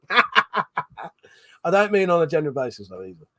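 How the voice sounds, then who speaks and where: Tipsy and laughing often, a British host works through a late-night livestream in a sing-song, slightly slow voice that sits on the high side and sounds a bit bright. He swears freely and reads chat comments aloud, and the studio-quality recording is dry.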